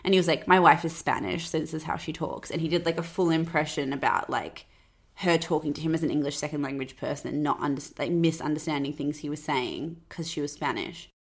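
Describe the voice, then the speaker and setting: A low-voiced woman hosts a casual podcast, dishing gossip with chatty sarcasm. She fills her sentences with "like". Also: fairly even intonation, fairly quick. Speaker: podcast host.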